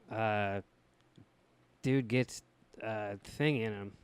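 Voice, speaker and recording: A man's voice: fairly low pitch, fairly even intonation, drawn-out words, smooth, no room sound. Dry-teasing man co-hosting a podcast. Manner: dry teasing, profane ribbing. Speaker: podcast co-host. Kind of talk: casual chat.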